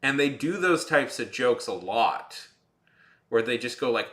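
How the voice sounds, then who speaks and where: At normal speed, a man with an animated, medium-pitched and slightly bright voice chats with viewers as he livestreams his drawing. The talk is casual and rambling, heavy on filler and dry sarcasm.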